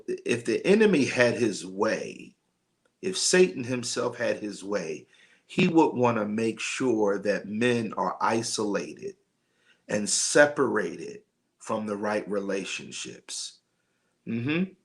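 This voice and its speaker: A pastor hosting a men's night livestream speaks in a low, gravelly voice. He talks slowly and loosely, full of ums and uhs. He greets viewers by name as he goes. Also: a bit bright. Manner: slow and rambling, many fillers, greets viewers by name. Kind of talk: casual livestream talk and preaching.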